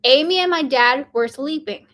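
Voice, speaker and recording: A woman's voice: high-pitched, normal speed, noisy background. A young woman, casually telling a story to camera, full of "like" and "um". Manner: chatty, many fillers like "like" and "um". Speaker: vlogger.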